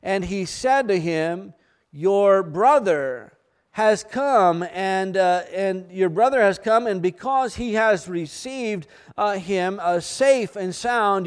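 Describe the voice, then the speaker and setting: A man delivers a sermon in an unhurried, earnest way, pausing over scripture and explaining it in everyday words. His voice sits high and sounds smooth and clear. He takes his time with each phrase. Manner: slow, earnest, reads scripture aloud with asides. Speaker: preacher.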